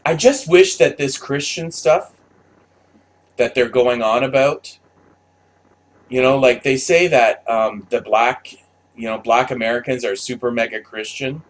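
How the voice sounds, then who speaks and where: A man's voice: mid-range voice, measured pace. Blunt, profane man ranting to camera. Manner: blunt, profane, rambling with restarts. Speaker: commentator. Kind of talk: unscripted monologue.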